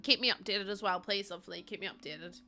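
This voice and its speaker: A woman's voice: mid-range voice, fast, bright, forceful tone, faint music behind. A young woman from the UK or Ireland chatting casually with livestream viewers in a rambling, exasperated way, with frequent ums.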